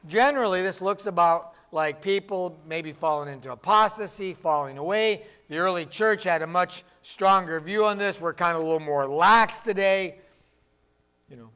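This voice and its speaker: A man's voice: high voice, fairly bright tone, clean tone. A man preaching a sermon as pastor, in a plainspoken, conversational way, acting out voices of the people he quotes.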